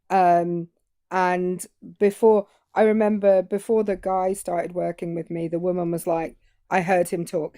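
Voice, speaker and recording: A woman's voice: on the low side, mellow, no room sound, clean studio sound. A woman from Britain co-hosting a live stream, chatting and telling stories. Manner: chatty, storytelling. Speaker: stream co-host. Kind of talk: casual live stream chat.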